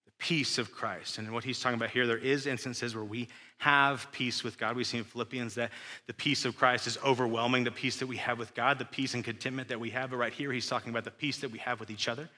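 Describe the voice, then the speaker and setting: A man's voice: medium pitch, fairly even intonation, quick pace, sharp tone. A young man preaching a casual, emphatic sermon full of rhetorical questions, recorded in a church sanctuary. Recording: echoey church hall.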